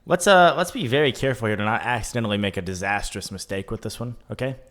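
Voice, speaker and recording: A man's voice: on the low side, quick pace, a bit bright. A young man co-hosting a casual podcast, joking around and reading job facts aloud. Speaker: podcast co-host. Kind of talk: casual chat.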